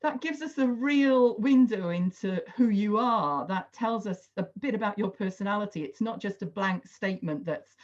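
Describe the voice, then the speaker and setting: A woman's voice: medium pitch, lively intonation, moderate pace, few pauses. A woman facilitating an online workshop on a video call, chatty and encouraging, with lots of "sort of" hedges. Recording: dull lo-fi video call audio.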